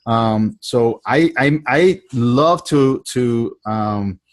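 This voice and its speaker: A man at a middle pitch runs a sales coaching session over a video call. He talks casually, repeats himself and slips into the lines he wants his trainee to say. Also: extremely slow. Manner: repetitive, conversational, acts out quoted lines.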